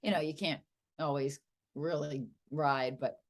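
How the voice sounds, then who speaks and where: Woman guest, 30s, low-pitched, upbeat and chatty, laughs easily. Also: fairly even intonation, measured pace. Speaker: guest guitarist. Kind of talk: casual interview chat.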